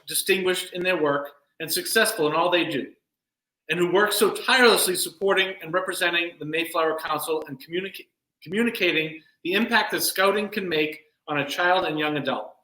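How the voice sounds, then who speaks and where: A man serving as master of ceremonies, giving earnest, measured formal closing remarks at a virtual event. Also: high voice, sharp tone, echoey room, low-quality recording. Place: home room, virtual event.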